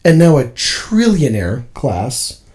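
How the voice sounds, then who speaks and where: Opinionated male co-host, relaxed mellow voice, casual rambling chat. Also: mid-range voice, slow. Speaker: podcast co-host. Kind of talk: casual discussion.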